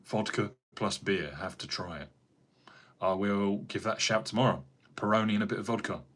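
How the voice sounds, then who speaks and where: A man's voice: lowish voice, steady tone, fairly quick, a bit bright. A man with an English accent, rambling in casual livestream chat as a carpenter answering viewer comments. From England. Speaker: carpenter streaming live.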